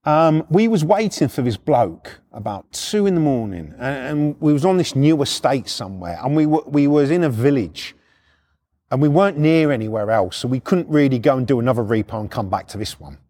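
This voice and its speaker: A man's voice: mid-range voice, lively intonation, fairly quick, warm tone. A middle-aged man telling blunt, swearing stories from his repo work in a casual podcast style, acting out the people in them. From United Kingdom. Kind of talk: casual storytelling.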